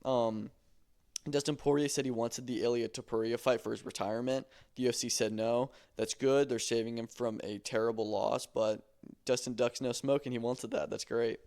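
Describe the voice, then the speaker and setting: Dude with a gravelly voice, loose opinionated chat about fights, swears a bit. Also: male voice, medium pitch, steady tone, normal speed, darkish tone. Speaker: podcast host. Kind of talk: casual chat about combat sports news.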